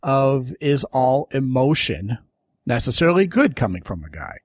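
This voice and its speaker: A man's voice: medium pitch, sing-song, normal speed, dry recording. Emphatic male podcast host, dry sound. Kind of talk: casual podcast conversation.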